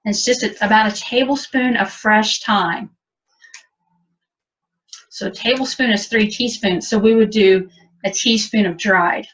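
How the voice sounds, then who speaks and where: A woman's voice: mid-range voice, steady tone, measured pace, long pauses, fairly bright tone. A woman teaching a cooking demonstration, chatty and explaining step by step. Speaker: cooking instructor. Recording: dull lo-fi audio from a distance.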